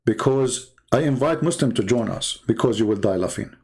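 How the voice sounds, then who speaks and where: Speaking a little fast, this man has an expressive, medium-pitched voice with a darkish tone and a breathy edge. He's hosting a livestream and giving a taunting monologue, combative and mocking as he challenges his audience.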